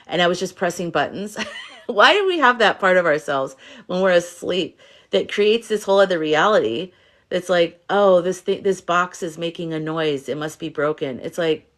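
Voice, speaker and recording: Tired female livestream host, soft, reassuring, rambling chat with viewers. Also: lowish voice. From United States. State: tired from little sleep. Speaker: livestream host, spiritual reader. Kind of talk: casual livestream chat, reading comments.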